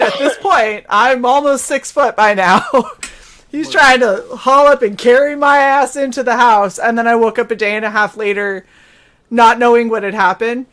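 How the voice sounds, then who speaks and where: A woman with a fairly high voice tells a rambling story on a casual livestream. She acts out the people she quotes as she goes, and laughs between lines. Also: fairly bright tone. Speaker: co-host of a chill stream.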